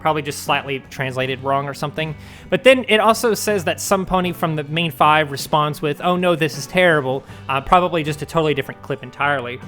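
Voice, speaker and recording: Male host, casual fan commentary, slightly high voice, rambling and filler-heavy. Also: fast, a bit bright, faint music behind. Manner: rambling, speculative, lots of ums and likes. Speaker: fandom news video host.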